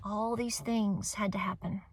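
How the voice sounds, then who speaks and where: Tearful and heartfelt, this homestead vlog host in her 40s, with a Southern US accent, encourages her viewers earnestly, repeating phrases to stress them. Her medium-pitched voice is fairly even in intonation and a little slow, recorded without echo.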